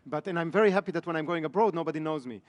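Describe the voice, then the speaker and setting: A business trainer gives a live seminar to an audience in a training room, recorded in an echoey hall. His voice is fairly high and very fast. He keeps asking the room check questions.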